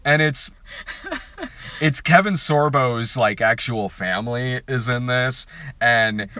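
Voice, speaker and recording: A man's voice: mid-range voice, slow pace, smooth, no echo. A man co-hosting a movie review podcast, joking crudely in casual chat. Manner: animated, crude, jokey, many fillers. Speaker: podcast co-host, film reviewer.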